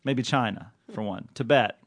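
A man's voice: medium pitch, moderate pace, no room sound. A man hosting a casual podcast, joking and chatting with a co-host. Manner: animated, joking, reads letters aloud with flair.

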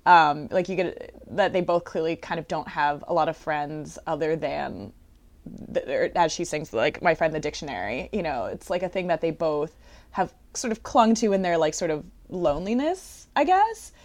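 Woman, casual chat, chatty, animated, quotes characters. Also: deep voice, moderate pace. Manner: chatty, heavy use of "like", animated quoting. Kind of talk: casual chat about a musical.

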